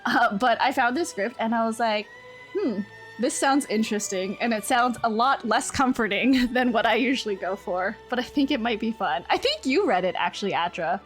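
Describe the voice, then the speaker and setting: A young woman streamer chatting casually with her viewers, giggly, easily distracted and quick to apologize. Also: fairly high pitch, lively intonation, faint music behind.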